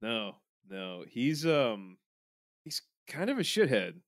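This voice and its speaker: A man's voice: medium pitch, sing-song, takes it slowly, a bit bright, no room sound. Podcast cohost guy, loose sweary banter, lots of ums, dry close sound. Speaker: podcast co-host. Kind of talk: casual chat.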